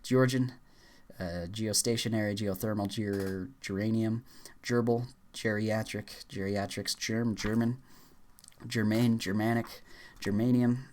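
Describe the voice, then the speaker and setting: A man reading dictionary words aloud as fast as he can, rushing through the list and stumbling over words. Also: fairly low pitch, fairly even intonation, darkish tone, a little hiss or hum. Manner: rushed word-list reading with stumbles and fillers. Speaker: YouTuber. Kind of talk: rapid dictionary read-aloud challenge.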